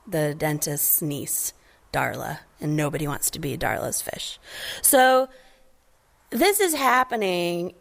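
Animated woman preaching a story-based sermon. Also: fairly low pitch.

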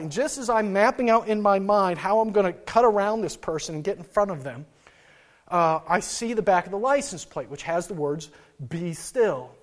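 A man giving a sermon, telling a personal story and retelling scripture in an earnest way, with frequent restarts and fillers. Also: sits high. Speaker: preacher.

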